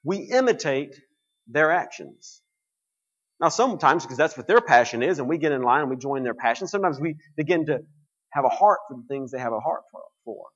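A man's voice: a little high, lively intonation, brisk, a bit bright, highs cut off. A man preaching a sermon to his congregation, explaining scripture in a conversational way.

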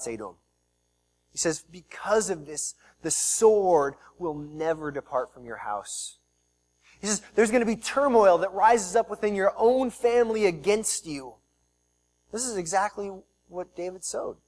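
A man preaching a sermon as pastor, with dynamic delivery that swings between loud emphasis and quiet, low passages.

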